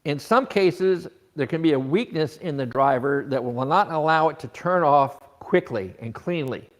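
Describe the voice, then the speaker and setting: A man's voice: fairly high pitch, normal speed. A man teaching an automotive technical seminar, explaining scope patterns with rhetorical questions and frequent restarts.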